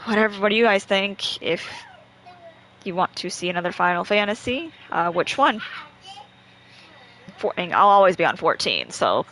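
A woman's voice: mid-range voice, expressive, moderate pace, long pauses, a bit bright, low-quality recording. A woman streaming a game from home, chatting easily with her co-host and viewers and laughing often. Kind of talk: casual live-stream chat. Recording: faint background noise.

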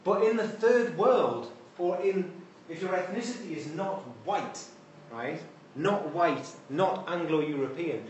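This man's fairly high voice carries an informal university lecture with wry, conversational asides. A far-off room mic in the echoey lecture hall records him, and there's a little hiss or hum.

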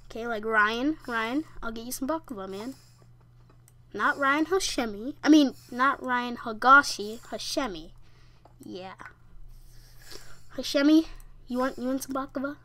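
A bright, high-voiced young woman chatting her way through a game. She talks slowly, in a rambling, halting way, full of fillers and restarts. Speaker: gamer. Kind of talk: casual gameplay commentary.

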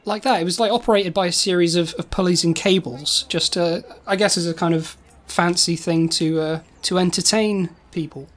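A woman co-hosting a comedy podcast, telling a rambling tall tale in a deadpan way. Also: lowish voice, moderate pace. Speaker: co-host.

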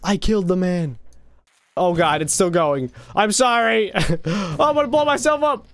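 A man's voice: high voice, lively intonation, a little slow. A young man hosting a casual gaming video, talking over gameplay with gasps, exclamations and playful taunts on a desk microphone.

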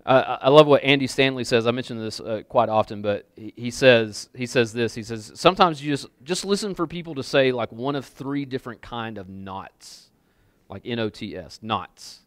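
Here a male pastor delivers a sermon to a congregation in a church sanctuary, talking loosely with plenty of casual fillers and repetition. His pitch is medium and his pace moderate, captured in a dry, studio-quality recording.

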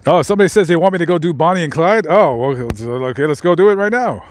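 A man's voice: a little high, expressive, quick pace. A man casually chatting to his live stream viewers while walking around, rambling with lots of fillers and restarts. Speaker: vlogger reading live chat.

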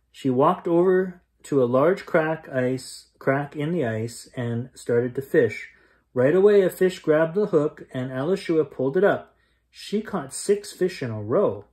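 Brief: man, slightly high voice, animated bedtime story read-aloud to a camera. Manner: animated reading, raises voice for yelled lines. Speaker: storyteller reading a children's book. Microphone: camera mic, close to the camera.

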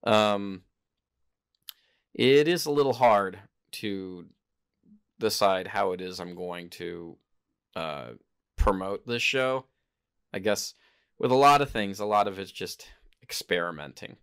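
A man's voice: lowish voice, takes it slowly, long pauses, fairly bright tone, clean tone. A man hosting a casual solo podcast, rambling and hesitant, often stopping to correct himself. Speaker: podcast host. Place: home in Japan.

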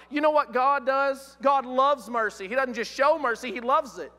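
A man preaching a sermon in a church, animated, asking the congregation rhetorical questions. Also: very high-pitched, moderate pace, few pauses. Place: church auditorium. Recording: long hall reverb.

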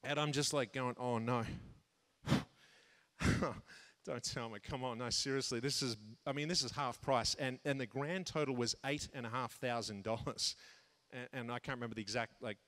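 A man telling a personal story in a sermon to a men's conference, animated, jumping high when he acts out his own thoughts and laughing at himself. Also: fairly quick. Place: large conference hall. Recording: long hall reverb.

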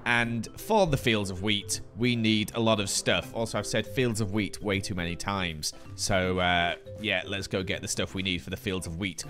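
A young man with a hoarse, nearly gone voice, giving chatty, self-mocking commentary over gameplay. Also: low voice, moderate pace, few pauses, over music. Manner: chatty, self-mocking, mock-angry rants. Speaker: gaming video creator.

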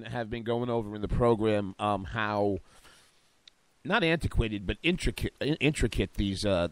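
A man co-hosting a talk radio show, brash and excitable, talking loudly from a studio. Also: medium pitch, no echo. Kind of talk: loud talk radio banter.

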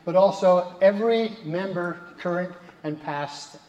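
On stage in a large banquet hall, a man presents awards at a gala with a heartfelt speech that sometimes chokes up with emotion. His voice is high and darkish, his pace a little slow, and the lo-fi recording carries long, echoey reverb. Music and crowd sounds are in the background.

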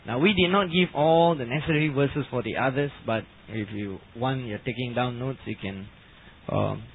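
A man preaching a teaching sermon, slow and emphatic, his voice swelling loud on key phrases. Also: mid-range voice, creaky, husky. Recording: lo-fi phone-like archive recording.

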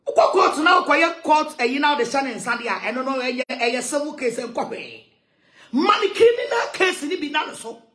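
A woman ranting loudly in a heated monologue, switching between English and Twi, with shouting and sing-song outbursts. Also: high-pitched, animated, moderate pace, echoey room. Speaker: social media commentator.

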